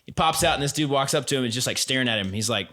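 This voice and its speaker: Brief: young man, mid-pitch, rapid eager podcast chatter. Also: lively intonation, sharp tone. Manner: quick, eager interjecting storyteller. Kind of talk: casual podcast chat.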